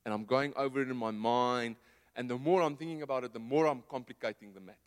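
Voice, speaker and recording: A man preaching at a middle pitch in a loose, conversational way, with a long reverb trailing every phrase. He leans on rhetorical questions and drops to a hushed low voice when he lands a point. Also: fast, clear, resonant tone. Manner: drops to a soft low voice for emphasis. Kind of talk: sermon.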